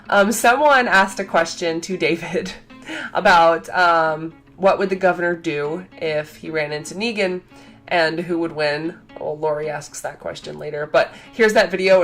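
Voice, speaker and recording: Gushing chatty young woman vlogger. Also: on the low side. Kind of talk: casual excited storytelling.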